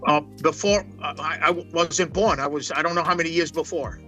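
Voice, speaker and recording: Bright-voiced older New man. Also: a little high, fairly even intonation, a little fast, faint music behind. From Brooklyn, New York. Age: 60s. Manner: rambling, emphatic, many restarts. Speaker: poker pro guest. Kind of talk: storytelling interview.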